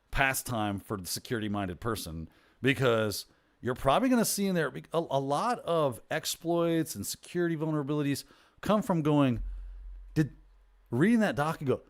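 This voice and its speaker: A man hosting a casual livestream, rambling chattily and correcting himself as he goes. His pitch moves around animatedly, rising and dipping through each thought. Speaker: host.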